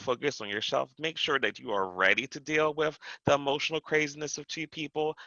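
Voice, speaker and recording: A man's voice: medium pitch, bright, forceful tone, no room sound, highs cut off. A man co-hosting a casual podcast chat, giving blunt, direct advice. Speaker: podcast co-host.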